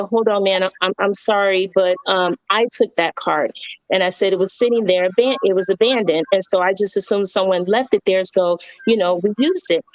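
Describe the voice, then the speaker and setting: A woman's voice: medium pitch, no echo, low-quality recording. A woman on a talk show earnestly telling a personal story in casual conversation, repeating words and using many fillers. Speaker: guest on radio talk show.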